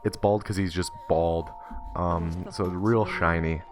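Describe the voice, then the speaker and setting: A young man casually telling a long story as a streamer, rambling with fillers and restarts and popping into squeaky voices for the characters. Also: fairly even intonation, measured pace, over music. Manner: acts out the kid and teacher in high squeaky voices. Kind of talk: casual storytelling while gaming.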